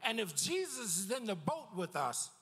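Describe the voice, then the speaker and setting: High-voiced preaching man in a reverberant church. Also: normal speed, breathy edge. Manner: lively preaching with repeated words and sudden drops in pitch. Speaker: pastor. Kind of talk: sermon. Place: church sanctuary.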